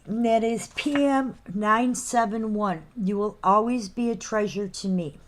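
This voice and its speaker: Chatty woman hosting a live sale. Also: mid-range voice. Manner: chatty, reads out item names and numbers slowly. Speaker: host of a live figurine sale. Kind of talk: casual live-sale chat.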